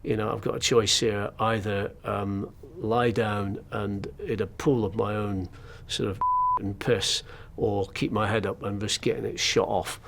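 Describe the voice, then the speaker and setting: Wry, understated man with a lowish voice. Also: level tone, a little slow, gravelly, a bit bright, a little hiss or hum. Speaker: journalist recounting captivity. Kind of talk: first-person interview account.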